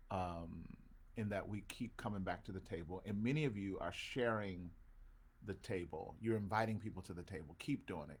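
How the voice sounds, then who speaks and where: A man, a pastor hosting an online show, talking casually with his congregation and calling out to viewers by name, with preacher-like swells. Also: on the low side. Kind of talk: casual livestream talk with a congregation.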